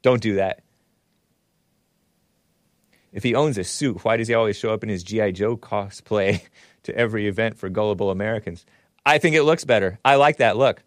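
A man's voice: lowish voice, a little fast, no room sound, studio quality. A man hosting a talk show, giving sarcastic, chuckling commentary while reading out chat comments.

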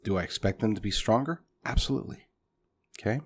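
A man's voice: on the low side, quick pace, slightly rough. Emphatic male political commentator. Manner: emphatic, punchy, addresses listeners as folks.

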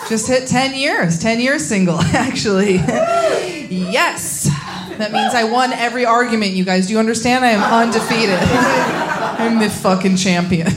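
A young woman performing a live stand-up set on a club stage, blunt and crude, with deadpan punchlines into a handheld mic. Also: mid-range voice. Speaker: stand-up comedian. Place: comedy club stage, laughing audience.

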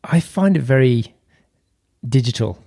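A man with a gravelly, mellow voice talks earnestly in a casual podcast chat. He sometimes stops mid-sentence to hunt for the right word. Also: mid-range voice, expressive, unhurried. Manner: searching for words, earnest.

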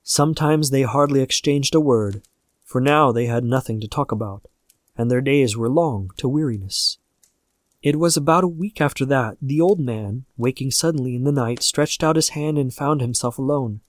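A man's voice: mid-range voice, normal speed, dry recording. Man reading a horror story aloud. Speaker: narrator.

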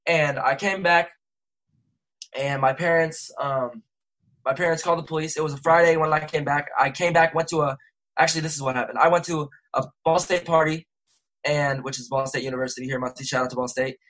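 Young man, interview guest, quick rambling delivery, slangy, slightly high voice. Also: fairly even intonation, fairly bright tone, rough recording. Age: young adult. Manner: rambling, self-correcting, slangy. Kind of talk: casual storytelling.

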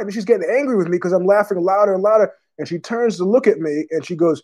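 A man with a fairly high voice hosts his own podcast and rambles through stories, swearing freely and piling on fillers. He is fighting a cough as he talks. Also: fast, hardly any pauses, a little mellow. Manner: profane, digressive storytelling with many fillers. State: has a cough. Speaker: podcast host. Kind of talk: casual rambling monologue.

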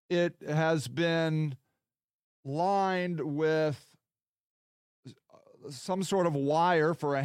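A man's voice: sits high, smooth, dry recording, clean studio sound. A male podcast host in a rambling, casual livestream chat, reacting to viewer comments as he goes.

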